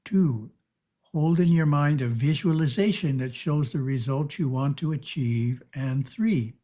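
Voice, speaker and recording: A man giving a calm, measured spiritual teaching talk over a video call. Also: fairly high pitch.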